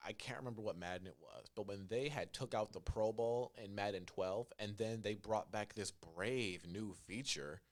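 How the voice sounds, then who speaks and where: A young man co-hosting a casual gaming podcast, joking and mimicking characters in high voices as he rants. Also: moderate pace, hardly any pauses. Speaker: podcast co-host.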